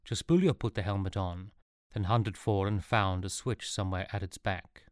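A male narrator reads a comic adventure with dry, wry timing. His voice is low, and the recording is close and dead dry, with no room sound. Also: fairly even intonation, moderate pace, no room sound. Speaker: audiobook narrator.

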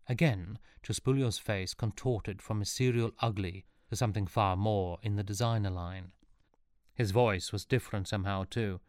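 A man's voice: on the low side, fairly even intonation, moderate pace, clean tone, no room sound. A man narrating a comic fantasy story in a dry, wry manner. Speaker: audiobook narrator.

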